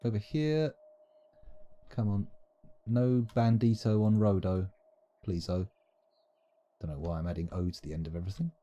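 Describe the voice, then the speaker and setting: A man's voice: on the low side, warm tone. A man giving playful, rambling, self-mocking commentary while streaming a game live.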